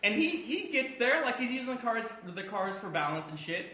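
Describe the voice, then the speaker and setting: A man on a casual podcast, retelling a film with profane, animated outrage. His voice is high and bright, and it carries with a clear echo from the room around the mic. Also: a little fast. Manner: profane, ranting, animated storytelling. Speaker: podcast co-host. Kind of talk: casual chat.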